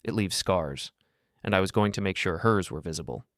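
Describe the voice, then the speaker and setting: A middle-aged man narrating a first-person revenge story in a cold, measured, deliberate way. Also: deep voice, dry recording, clean studio sound.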